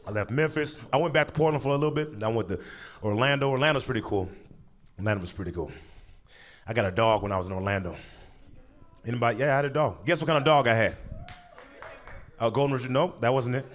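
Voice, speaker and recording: A young man performing a stand-up comedy set on stage, telling a story with animated delivery and sudden jumps in pitch when he acts out characters. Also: quick pace, pauses often. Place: comedy stage before a live audience.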